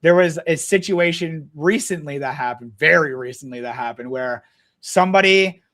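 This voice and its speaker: Male podcast guest with a high-set voice, blunt and profane, animated anecdotes. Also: moderate pace. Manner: blunt, heavy swearing, animated retelling. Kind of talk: casual storytelling chat.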